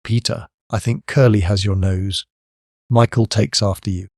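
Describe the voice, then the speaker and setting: A prim, motherly young girl from a storybook, read by a man. She speaks with earnest, gently insistent care. The voice stays low and close, with a dry sound. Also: steady tone, moderate pace, no echo, natural voice. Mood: tender.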